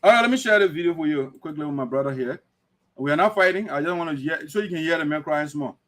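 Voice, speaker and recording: Male host, slightly high voice, preachy livestream commentary. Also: animated, fast talker, fairly bright tone. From Liberia. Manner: emphatic, lecturing, preachy. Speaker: host of an online talk show.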